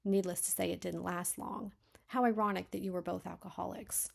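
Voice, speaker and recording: A woman reading a manuscript aloud and critiquing it, thinking aloud with frequent self-corrections and sometimes dropping to a soft whisper. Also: lowish voice, fairly even intonation, fairly quick, gravelly. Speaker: beta reader.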